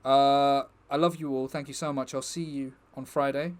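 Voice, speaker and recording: A man's voice: medium pitch, steady tone, moderate pace. A young man chatting casually to his stream viewers, rambling and joking with the chat.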